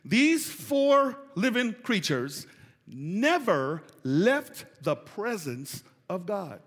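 A man, preaching a sermon with call-and-response and building to shouts. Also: high-pitched, sing-song, extremely slow. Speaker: pastor. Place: large church hall. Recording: reverberant church hall.

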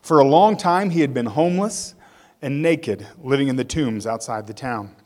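A man's voice: mid-range voice, lively intonation, moderate pace, darkish tone. Man preaching a conversational sermon. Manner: conversational storytelling with asides. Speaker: pastor. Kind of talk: sermon with scripture reading and prayer.

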